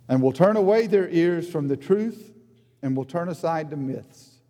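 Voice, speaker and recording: A man delivers an earnest sermon in a somewhat high but mellow voice. He climbs in pitch to stress a point, then sinks low and soft. His words ring out with a long hall reverb. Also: animated, normal speed. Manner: earnest, rises in emphasis then drops low and quiet. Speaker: preacher.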